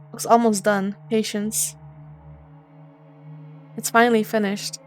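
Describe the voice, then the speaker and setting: A young woman hosting a gaming video, reading the narration of a horror visual novel aloud and breaking off to swear in quick reactions. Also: medium pitch, level tone, soft background music.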